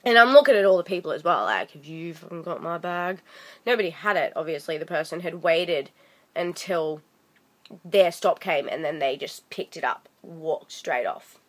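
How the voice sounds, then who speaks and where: A young woman vlogging a ranting story, exasperated and animated, acting out what others said. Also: deep voice, moderate pace. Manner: animated, exasperated, acts out quoted voices.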